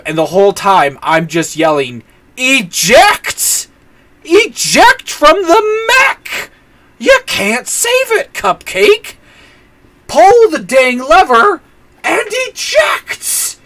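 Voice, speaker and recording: A man's voice: on the high side, a bit bright. A man streaming a video game, ranting about the story and swapping mild words in for swearing. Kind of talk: casual gameplay commentary.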